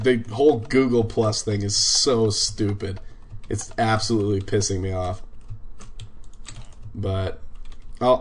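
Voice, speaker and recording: Laid-back male streamer, lowish voice, drawls through live game commentary with frequent swearing. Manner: laid-back, swears and laughs easily, talks to viewers. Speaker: livestreamer playing a game. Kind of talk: casual live gaming commentary.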